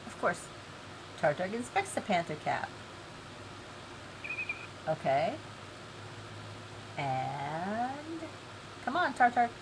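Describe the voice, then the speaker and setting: A woman's voice: lowish voice, lively intonation, takes it slowly, long pauses, noisy background. A woman live-streaming an online game event, chatty and giggly, reading game text aloud.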